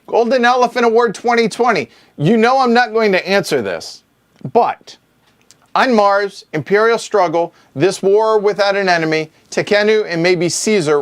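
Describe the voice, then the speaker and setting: A man hosts a livestreamed Q&A at home, reading viewer questions aloud into a mic in front of the camera. His voice sits a little high and swings widely in pitch. He answers with quick, joking asides. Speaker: board game show host. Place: home streaming room.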